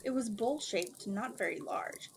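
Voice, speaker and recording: A woman reading a novel aloud at a steady pace, now and then stumbling over a word and correcting herself. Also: on the high side, normal speed, creaky, noisy background. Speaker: book reader.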